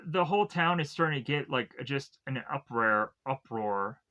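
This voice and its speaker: A man's voice: medium pitch, animated, moderate pace, pushed and bright. A man casually recapping a film's plot as a reviewer, rambling with lots of "like" and "uh" fillers. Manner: rambling, filler-heavy with constant "like" and "uh". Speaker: film reviewer.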